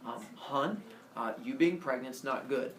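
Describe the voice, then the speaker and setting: A man doing a laid-back, low-voiced god. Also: a little slow, a little hiss or hum, natural voice. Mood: reassuring. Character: smooth-talking male god, laid-back. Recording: echoey classroom from far off.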